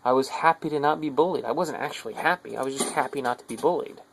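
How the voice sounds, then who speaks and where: This fast-talking American video diarist growls out a profane, bitter rant to the camera, contemptuous of whoever's watching. His gravelly voice drops to weary mutters and then erupts in shouts, captured on a low-quality recording.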